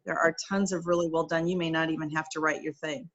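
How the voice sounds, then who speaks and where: A woman's voice: low voice, little pitch movement, fast talker, a bit bright, dull audio. A middle-aged woman occupational therapist explaining in an interview, chatty and practical, working through step-by-step examples with frequent fillers.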